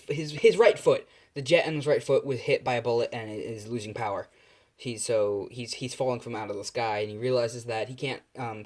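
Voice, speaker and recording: A man's voice: medium pitch, darkish tone. A young man telling an improvised fan story, rambling with many fillers and restarts, and speaking the characters' lines in his own plain voice.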